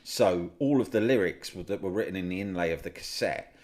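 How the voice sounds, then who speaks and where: A middle-aged man from Britain, a podcast guest, telling stories in casual chat, swearing freely and loudly mimicking other people. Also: sits low, a little fast. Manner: animated storyteller, swears freely, mimics his brother loudly.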